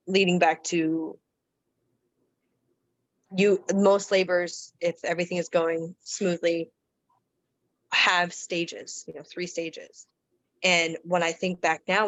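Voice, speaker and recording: A woman guest on a podcast, casually telling a personal story in a relaxed, chatty way with fillers and restarts. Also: fairly low pitch, no echo, rough recording.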